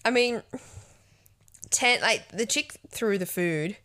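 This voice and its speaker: Young aussie woman hosting, chatty and giggly, mid-pitched voice. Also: sharp tone. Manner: chatty, giggly, quick reactions. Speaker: podcast host. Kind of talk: casual chat.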